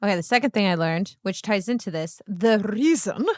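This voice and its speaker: A woman's voice: medium pitch, quick pace, smooth. A woman in her thirties who teaches singing, talking straight to her viewers in a loose, profane ramble. She keeps wandering off on tangents and mocking herself before getting back on track. Her voice sits in an ordinary middle range, and the sound is dry and close with no room echo. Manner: rambling, profane, easily sidetracked; animated, self-mocking asides. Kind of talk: casual vlog monologue.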